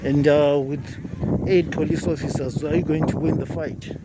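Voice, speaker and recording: Man, from Africa, vlogger, casual storytelling, slightly high voice, acts out quotes, street traffic noise. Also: normal speed. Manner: animated, acts out quoted exchanges in a raised voice. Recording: urban outdoor noise with passing traffic.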